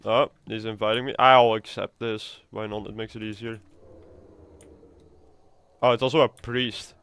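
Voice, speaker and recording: A man's voice: on the low side, level tone, a little slow, fairly bright tone, smooth, no echo. A man streaming a video game live, chatting and rambling casually and swearing freely. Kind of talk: casual live gameplay commentary.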